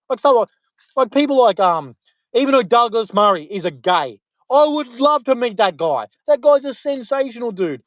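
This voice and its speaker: A man with an Australian accent talks in a loose, rambling monologue full of fillers and restarts. His voice sits high for a man and sounds close and dry, with no room around it. He leans hard on his points and slides into preaching. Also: big pitch swings, moderate pace, no echo. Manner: rambling, emphatic, many fillers. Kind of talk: casual monologue to camera.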